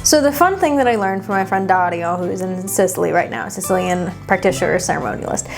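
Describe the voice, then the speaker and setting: A woman giving casual reaction commentary on her own old video, animated and teasing, with casual swearing and asides to viewers. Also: fairly low pitch, fast talker, vocal fry, music in the background. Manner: talks straight to viewers. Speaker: witchcraft content creator.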